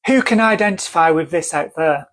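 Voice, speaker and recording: A woman's voice: deep voice, animated, moderate pace. Earnest woman with a North Manchester accent. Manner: earnest, emphatic, repeats herself for stress. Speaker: vlogger. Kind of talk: personal story told to camera.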